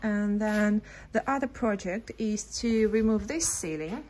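A woman's voice: mid-range voice, unhurried, a little mellow. Nervous woman vlogging in an empty house. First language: Russian. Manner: breathless and jumpy, gasping and laughing nervously. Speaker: vlogger renovating an old house. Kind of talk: casual vlog chat. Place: inside an old empty house.

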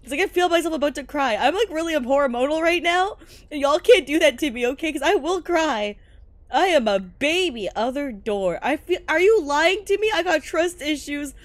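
There's no room sound as a high-voiced woman chats through a live game stream at a moderate pace. Excitable and playful, she laughs frequently and lets out yelps when spooked.

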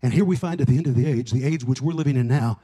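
A middle-aged male pastor preaching a sermon, with emphatic stress and drawn-out key words. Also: medium pitch, dark tone, breathy edge, rough recording.

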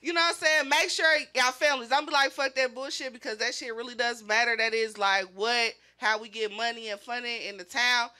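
Woman, podcast host, bright and a bit high, casual slang, quick to laugh. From Kansas City area. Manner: loose, slangy, laughs often.

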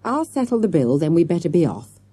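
A woman reading aloud and voicing a flustered, polite male schoolteacher with a brisk, fussy manner. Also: fairly low pitch, very animated, warm tone, slightly rough, no echo.

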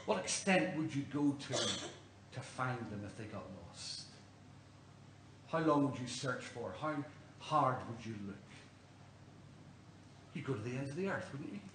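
A man's voice: mid-range voice, lively intonation, slow, pauses often, a bit bright. An Irish man preaching a sermon in a church, earnest and questioning, telling stories to the congregation. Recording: roomy church, distant mic, faint hum.

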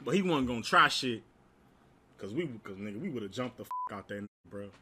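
A man's voice: mid-range voice, animated, fairly quick, background noise. A young man from Alabama, telling profane, laugh-filled stories in a casual way. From Alabama, United States. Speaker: storyteller. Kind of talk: casual storytime.

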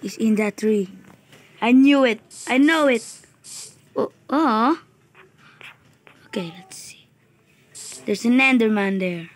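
A woman giving playful live commentary while gaming, chatty and joking, who bursts into panicked shouting. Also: fairly high pitch, a little slow, poor audio. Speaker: gamer.

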